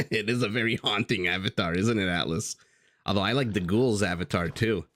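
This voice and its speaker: A man's voice: fairly low pitch, moderate pace, a bit bright, no room sound. A man casting a strategy game live, chatting casually with viewers and telling stories as he goes. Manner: chatty, easygoing, swears casually, tells stories.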